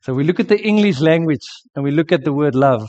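This pastor, a man with a South African accent, preaches in a chatty storytelling style, restarting often. His voice is a little high and a little mellow, quick-paced with lively intonation, captured on a dull lo-fi sermon recording.

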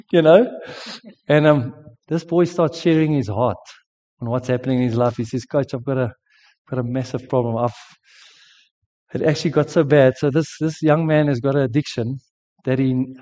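A man's voice: on the high side, darkish tone. A middle-aged man preaching a sermon, telling a personal testimony earnestly. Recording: dull lo-fi sound with long hall reverb.

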